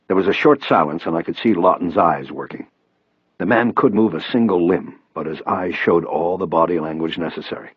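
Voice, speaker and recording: Deep, husky male audiobook narrator. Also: a little fast, no room sound, muffled recording. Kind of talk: first-person audiobook narration.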